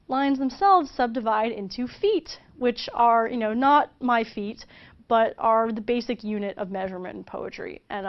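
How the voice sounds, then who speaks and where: A woman's voice: medium pitch, highs cut off. A woman giving a casual, chatty video lesson, with frequent fillers and restarts as she explains. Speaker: teacher.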